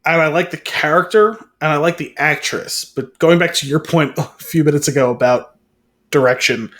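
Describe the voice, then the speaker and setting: A man's voice: fairly high pitch, moderate pace, fairly bright tone. A man co-hosting a podcast in casual chat, rambling and hedging with lots of fillers. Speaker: podcast co-host.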